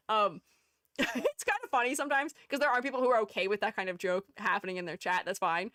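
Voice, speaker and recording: A woman streamer chatting casually with her live audience, giggling often and playfully animated. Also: fairly high pitch, a little fast, dry recording, clean studio sound. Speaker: streamer and art educator.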